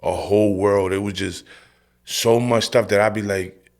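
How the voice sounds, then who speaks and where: A man's voice: on the low side, normal speed. Streetwise man telling his testimony. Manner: animated storytelling, acting out his own past lines; streetwise, direct, says "bro" and "yo". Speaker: guest sharing his testimony. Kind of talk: personal testimony in a podcast interview.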